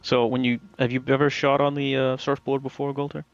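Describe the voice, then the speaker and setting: A man plays along in a group game, telling the others where to go and swearing casually. His voice sits at a middle pitch and comes through slightly dull. Faint music runs underneath. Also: little pitch movement, fairly quick, vocal fry, smooth, no echo. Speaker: co-player. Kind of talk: casual gaming chat.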